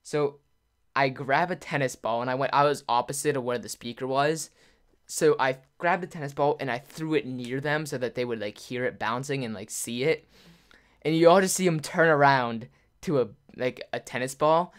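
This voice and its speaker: A young male YouTuber with a medium-pitched voice tells a story to camera at a moderate pace. His casual storytelling rambles, is packed with "like," and is punctuated by frequent laughter.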